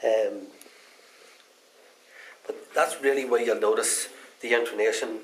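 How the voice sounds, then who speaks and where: A man's voice: fairly low pitch, steady tone, slow pace, slight background noise, rough recording. A man chatting his way through a casual hands-on guitar repair demonstration in a folksy, rambling manner.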